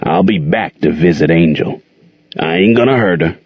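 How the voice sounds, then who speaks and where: A man voicing a smug, menacing man with a gravelly voice in a story reading. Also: sits low, moderate pace, no echo. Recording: dull lo-fi dry recording.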